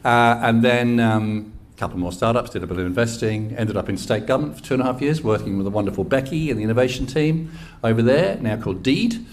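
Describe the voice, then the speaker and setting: A man's voice: mid-range voice, quick pace, slight background noise. A man in his sixties with an English accent, giving a chatty, enthusiastic, self-deprecating talk to a live audience at an event. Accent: English, West Country. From England. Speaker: ecosystem engagement lead giving a talk.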